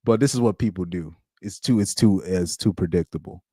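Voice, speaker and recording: Low-voiced laid-back man, dry mic. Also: a little fast, warm tone, breathy edge, dry recording. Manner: laid-back, slangy, chuckles between points. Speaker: podcast host. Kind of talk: casual chat.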